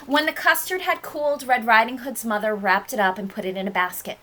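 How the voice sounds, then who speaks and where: A nursery school teacher, a woman, reading a storybook aloud to young children with expressive, sing-song storytelling. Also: fairly high pitch, a little fast, few pauses, rough recording.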